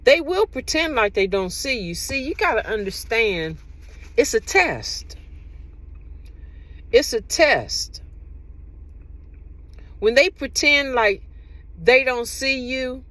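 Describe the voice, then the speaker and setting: A woman's voice: a little high, a bit bright, no room sound. A woman talking casually to her own camera, giving relationship advice with rambling, repetitive, emphatic storytelling.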